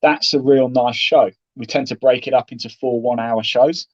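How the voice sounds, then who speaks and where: A man's voice: mid-range voice, normal speed, no room sound, lo-fi sound. A man, a golf broadcaster, chatting as an interview guest and acting out what he would say to players. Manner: chatty, animated storytelling with acted-out quotes. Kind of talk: casual interview talk.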